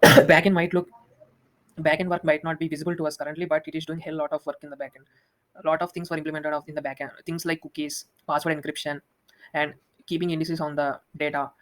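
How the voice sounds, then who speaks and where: A young man walking through a software demo, talking quickly with many restarts. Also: on the high side, poor audio. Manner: fast, flat, with frequent restarts and fillers. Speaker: student presenting a project demo.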